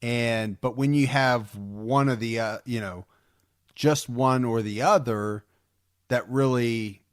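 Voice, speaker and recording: A man's voice: mid-range voice, takes it slowly, clean tone, no echo, clean studio sound. Rambling enthusiastic male podcast co-host. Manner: rambling, repeats words, enthusiastic. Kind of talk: casual podcast chat.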